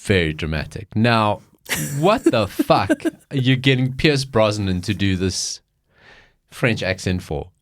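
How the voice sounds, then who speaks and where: Animated, swearing podcast co-host, a man. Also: fairly low pitch, slow pace, faint music behind. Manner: animated storytelling, swears, acts out quotes. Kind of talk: casual chat.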